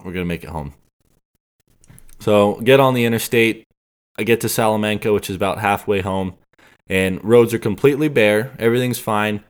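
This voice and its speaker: A man on a podcast telling a story in casual chat, rambling and acting out the dialogue he recalls. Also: lowish voice. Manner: rambling, acts out quoted dialogue. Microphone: podcast microphone.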